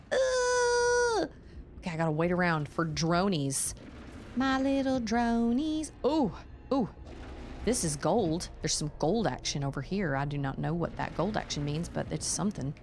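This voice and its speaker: A woman's voice: lowish voice, animated, normal speed, darkish tone, slight background noise. A woman streaming a game, chatting casually, talking to herself and exclaiming at the game. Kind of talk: casual live gameplay commentary.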